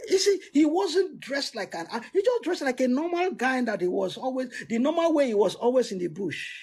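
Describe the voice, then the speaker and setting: A man giving a motivational talk with emphatic swoops in pitch, frequent restarts and laughs between points. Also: creaky, breathy edge. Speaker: motivational speaker.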